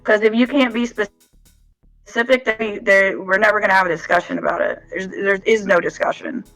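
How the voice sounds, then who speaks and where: A woman's voice: medium pitch, brisk, creaky, faint music behind, rough recording. Emphatic woman podcast co-host. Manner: animated, emphatic, repeats points. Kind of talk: casual chat.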